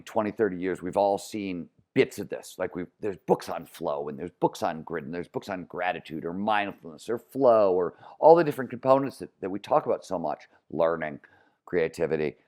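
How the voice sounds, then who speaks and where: A middle-aged man with a flat Midwestern American accent and a very deep, low voice. He speaks as a podcast guest and explains with energy, restarting phrases as he builds each point. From Cleveland, Ohio, US. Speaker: author and guest. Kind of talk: podcast interview.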